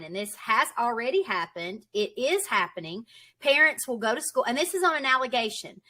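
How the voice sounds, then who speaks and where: A woman's voice: on the high side, bright, forceful tone. A woman homeschool advocate from Tennessee, talking urgently and emphatically as a guest in a podcast interview. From Tennessee, United States.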